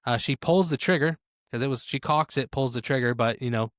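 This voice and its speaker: A man's voice: mid-range voice, brisk, fairly bright tone, dry recording, studio quality. A man co-hosting a podcast, recounting stories in casual chat with lots of "uh" and wry asides. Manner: storytelling with filler "uh" and "like", wry asides. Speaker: podcast co-host.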